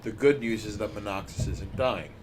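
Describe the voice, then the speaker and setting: A man's voice: on the low side, normal speed, over music. A man hosting a casual podcast, riffing in a drawling, mock-grandiose way and teasing his listeners. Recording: noisy background.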